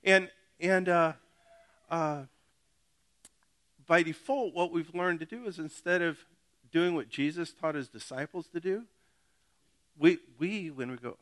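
A man's voice: on the high side, unhurried, pauses often, a bit bright. A middle-aged male pastor giving a casual, joking sermon that often addresses the congregation directly.

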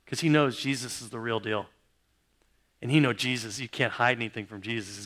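A middle-aged male pastor preaching a sermon, telling stories dramatically, jumping from loud exclamations to hushed, almost whispered lines. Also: mid-range voice, lively intonation, brisk.

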